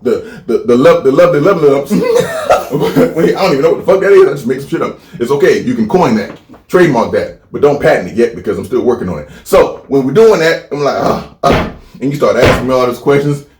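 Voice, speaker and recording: A man's voice: mid-range voice, a little fast. Profane ranting man, echoey room. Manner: animated, profane, repeats phrases for comic buildup. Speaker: podcast co-host. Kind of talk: crude comedic podcast rant.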